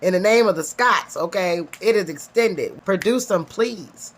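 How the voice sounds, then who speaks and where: A woman's voice: medium pitch, expressive, unhurried, slight background noise. A young woman recapping a reality show in casual, sassy commentary, peppering her talk with "honey" and "okay?". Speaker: reality TV reviewer.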